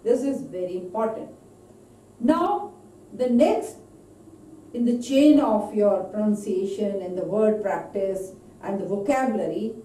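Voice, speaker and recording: A woman teaching pronunciation in a recorded online lecture, slowly drilling word lists one by one. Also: medium pitch, dark tone, slight background noise. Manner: slow, deliberate, drawn-out word drills. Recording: echoey room, voice from far off mic.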